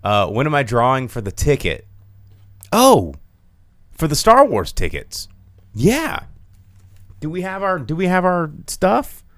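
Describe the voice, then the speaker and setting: A man's voice: fairly high pitch, huge pitch swings, measured pace, long pauses, no echo. A young man hosting a podcast, ranting sarcastically in casual chat and swearing freely. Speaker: podcast host.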